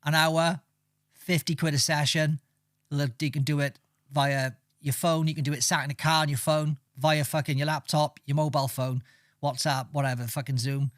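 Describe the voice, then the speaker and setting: A man's voice: fairly high pitch, little pitch movement, moderate pace, fairly bright tone, no room sound, clean studio sound. A man, co-hosting a podcast and talking bluntly in rambling, profane casual chat. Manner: blunt, heavy swearing, rambling. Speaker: podcast co-host.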